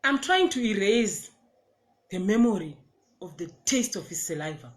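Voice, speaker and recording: A young adult woman with a Zimbabwean accent tells a personal story in casual storytime style. She is animated, laughs often and repeats words. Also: medium pitch, normal speed.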